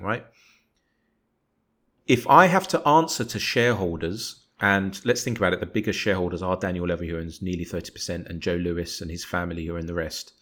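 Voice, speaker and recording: A man, co-hosting a casual football podcast, arguing his point in long rambling runs and acting out imagined conversations. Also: deep voice. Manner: animated, rambling, acts out imagined dialogue. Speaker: podcast co-host.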